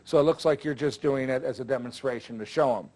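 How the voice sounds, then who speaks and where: A man's voice: mid-range voice, quick pace, a little mellow. An older man explaining magic tricks in a chatty, jokey way, with frequent filler words. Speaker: magic instructor. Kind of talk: casual instructional talk.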